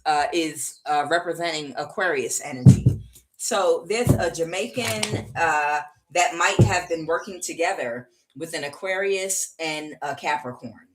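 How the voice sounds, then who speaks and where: A tarot reader with a low, unhurried voice gives a casual reading. She is chatty and rambling, with frequent fillers and laughter.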